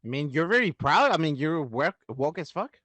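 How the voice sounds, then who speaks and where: A man co-hosting a podcast, cracking crude jokes and swearing in quick, casual banter. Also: a little high, big pitch swings, sharp tone, no echo. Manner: profane, jokey, quick quips. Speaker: podcast co-host.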